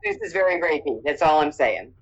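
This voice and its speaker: A woman's voice: sits low, wildly swooping pitch, a little fast, muffled recording. A woman from Massachusetts chatting casually, tossing in dry, wry quips. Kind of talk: casual chat.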